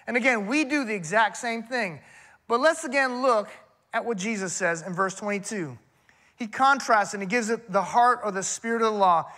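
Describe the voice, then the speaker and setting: A man's voice: very high-pitched, moderate pace, pushed and bright. A man preaching a sermon in a church, emphatic and conversational, often addressing the crowd as y'all. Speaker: pastor.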